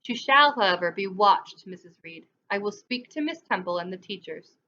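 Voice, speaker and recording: A woman's voice: mid-range voice, animated, moderate pace, pushed and bright, muffled recording. A woman voicing a stern, pious middle-aged clergyman who lectures severely. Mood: pompous.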